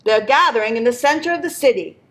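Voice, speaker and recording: A woman reading aloud, voicing a calm, matter-of-fact train conductor in a storybook tale. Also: a little high, quick pace. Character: kindly older man, train conductor.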